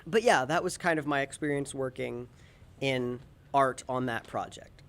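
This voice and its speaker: A man's voice: mid-range voice, normal speed, a bit bright, a little hiss or hum. A young man, a student animator, chatting casually on a panel about a class game project, easygoing with frequent ums. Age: young adult.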